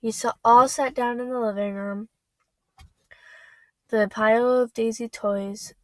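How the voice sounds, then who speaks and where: A woman reading a novel aloud, halting and stumbling over words as she goes. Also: a little high, steady tone, no room sound, poor audio. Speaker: reader.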